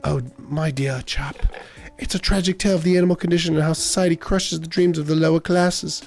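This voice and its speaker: A pompous bookstore clerk who calls everyone "old chap", as a man puts him on. The voice sits high and a little gravelly, with faint game music underneath. He talks down with prim, haughty politeness. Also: fairly even intonation, fairly quick. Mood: condescending.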